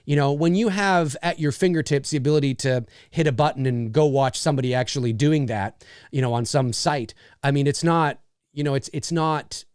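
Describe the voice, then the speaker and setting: A man's voice: fairly high pitch, a little fast, darkish tone, smooth, no room sound, studio quality. A man hosting a casual live-stream Q&A who also works as a voice actor. He answers viewer questions in a rambling, explanatory way, with many restarts. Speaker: host and voice actor.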